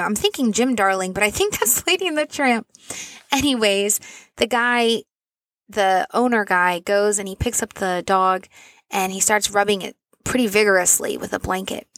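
A mother in her thirties talks straight to her listeners, earnest and rambling, with asides and fillers. Her mid-pitched voice has a gravelly fry to it. The sound is dry and close, with no room around it. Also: fairly bright tone, no echo. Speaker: mother telling a personal story. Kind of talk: casual storytelling to camera.

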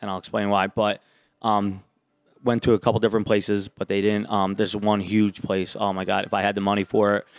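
A low-voiced man tells stories as a podcast guest. He runs a gym and talks in an easygoing, wandering way. The sound is dry and close to the mic. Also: a little fast, no echo. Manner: relaxed, rambling storyteller. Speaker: gym owner and trainer, guest. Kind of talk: casual interview chat.

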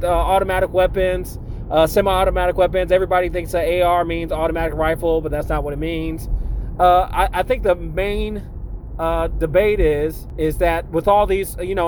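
A man's voice: sits high, darkish tone, slight background noise. A man giving casual news commentary as a returning segment guest, talking with many fillers and restarts. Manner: hesitant, filler-heavy.

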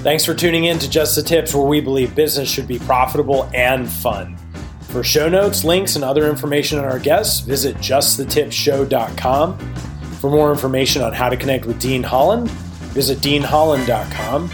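An upbeat man hosts a podcast, closing out the episode in a mid-pitched voice. A loud theme tune plays clearly beneath his words. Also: normal speed, over music. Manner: upbeat, wraps up with a sign-off. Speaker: podcast host. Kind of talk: casual chat and scripted outro.

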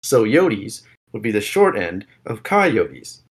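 A man's voice: on the low side, sing-song, takes it slowly, husky. A man co-hosting a casual sports podcast, talking in a rambling, jokey way and correcting himself as he goes. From Arizona. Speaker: podcast co-host.

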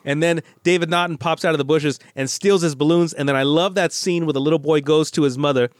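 A middle-aged American man co-hosting a casual movie podcast, chatty and animated, often restarting his sentences. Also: fairly high pitch, fast, dry recording. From United States. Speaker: podcast co-host.

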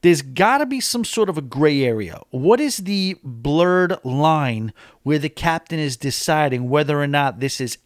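A man's voice: fairly high pitch, no echo, studio quality. A man vlogging about a cruise in a casual, opinionated monologue, talking with emphasis.

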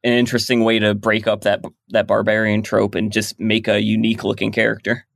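A man's voice: fairly low pitch, completely flat delivery, a little fast, creaky, no echo. A man being interviewed on a podcast about his work, explaining his ideas at length in casual chat. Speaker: guest comic creator.

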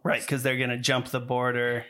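A man with a bright, forward voice co-hosts a podcast about movies. He retells plots in a loose, animated way, laughing as he goes and slipping into the characters' lines. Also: medium pitch, normal speed. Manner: animated storytelling, laughs often, mimics characters. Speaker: podcast co-host. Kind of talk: casual chat, retelling a film plot.

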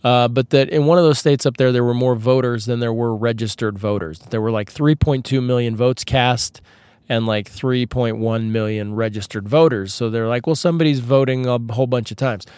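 A man hosting a podcast, telling a rambling comedic story with sarcastic asides, his voice a little husky from a tickle in his throat. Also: mid-range voice, steady tone, moderate pace, a little mellow, no echo. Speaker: podcast host. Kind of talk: casual comedic storytelling monologue.

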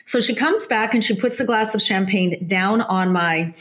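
Woman medium, interview guest, mid-pitched, tells anecdotes in lively bursts with frequent restarts. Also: moderate pace. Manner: animated storytelling with many restarts.

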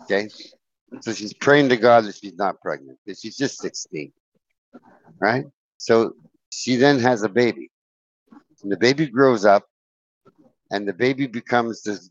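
A man's voice: lowish voice, no echo. A man hosting a podcast in casual chat, musing aloud and asking reflective questions. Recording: dull, lo-fi, dry podcast audio.

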